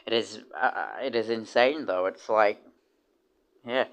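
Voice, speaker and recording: A man's voice: fairly low pitch, a little slow, fairly bright tone, clear, resonant tone. A young British man streaming, chatting casually and rambling with many restarts and casual swearing. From United Kingdom. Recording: dull lo-fi stream audio.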